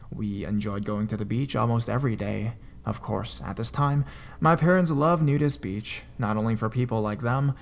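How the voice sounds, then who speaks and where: A man reads a first-person horror story aloud in a steady, even way. His voice is middle-pitched for a man, and his storytelling tone stays plain from start to finish.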